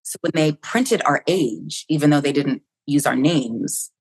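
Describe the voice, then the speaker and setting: A woman's voice: deep voice, a little slow, slightly rough. Woman telling a vivid, candid story. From United States. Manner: vivid, candid storytelling, acting out her inner thoughts, swears freely. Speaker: podcast guest. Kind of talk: personal storytelling in a podcast interview.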